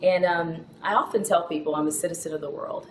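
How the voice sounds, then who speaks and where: A chatty, animated woman, a TV news anchor, telling her personal story and laughing often. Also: on the low side, a little fast, reverberant, background noise. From Houston, Texas, with Ghanaian roots.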